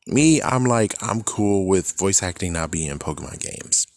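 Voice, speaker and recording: A man's voice: fairly low pitch, no echo, clean studio sound. A man ranting casually about his opinions, rambling and exasperated, often swearing. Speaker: video creator.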